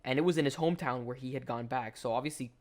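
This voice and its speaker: Young guy, casual storytelling commentary, slangy and rambling, mid-pitched voice. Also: fast, a little mellow. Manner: rambling, slangy, full of "like" and restarts. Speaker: gaming commentator. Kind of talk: casual storytelling over gameplay.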